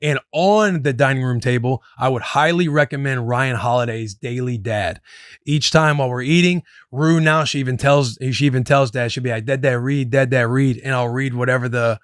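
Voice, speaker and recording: A man in his thirties talks casually on a podcast, sharing advice in a loose, rambling way. He speaks at an ordinary pitch into a studio mic, and the sound is dry and close. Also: moderate pace, a bit bright, clear, resonant tone, no echo. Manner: loose and chatty, calls himself "your boy", speaks to listeners as "boys". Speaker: podcast host.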